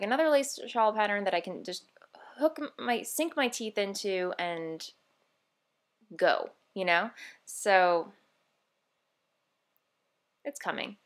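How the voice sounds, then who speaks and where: A woman hosting a knitting video podcast, chatting casually and bubbly, rambling with fillers and self-corrections. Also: mid-range voice. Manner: bubbly and easily excited. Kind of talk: casual show-and-tell vlog.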